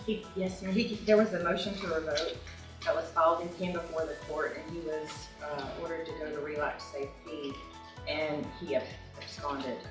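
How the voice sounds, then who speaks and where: A woman giving quiet, factual answers to the judge in a courtroom. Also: low-pitched, fairly even intonation, normal speed, music in the background. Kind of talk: courtroom testimony. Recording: distant, echoey courtroom.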